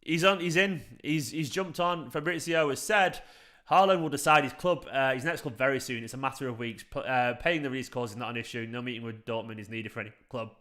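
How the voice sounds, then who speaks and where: A young adult man hosts a football fan live stream in a relaxed, off-the-cuff way. His voice is bright and forceful, with an ordinary middle pitch. He gets excitable and swears casually as he reacts to messages from viewers. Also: fairly quick. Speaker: football fan channel host reading live chat.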